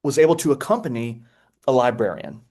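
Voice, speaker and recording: A man, presenting a webinar over a video call in an excitable, playful way with frequent restarts. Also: mid-range voice, a little fast. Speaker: edtech presenter. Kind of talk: energetic webinar talk.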